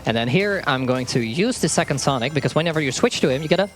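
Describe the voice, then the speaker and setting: A man's voice: a little high, lively intonation, quick pace, fairly bright tone. A man casually explaining his game as he plays it live, laughing often and tripping over words. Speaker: speedrunner. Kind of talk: live speedrun commentary. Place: marathon event stage. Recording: faint game music behind. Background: faint game music.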